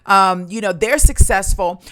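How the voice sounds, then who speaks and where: Woman from Maryland, business coach, motivational tutorial, mid-range pitch, upbeat, frequent ums. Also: unhurried, fairly bright tone. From Maryland, USA. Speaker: recruitment and staffing coach.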